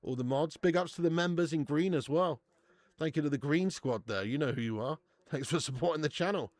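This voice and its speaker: A man's voice: a little high, fairly quick, a little mellow, no room sound. A young man hosting a live watch-along stream, bantering with viewers, swearing and laughing often. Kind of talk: live casual chat to viewers.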